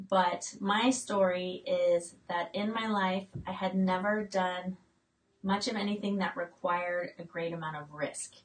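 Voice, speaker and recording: A woman's voice: medium pitch, fairly bright tone, far from the mic, low-quality recording. A woman in her late forties hosting a casual live-stream chat from her homestead, reading out viewer comments with plenty of fillers and restarts. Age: late 40s. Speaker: homestead channel host.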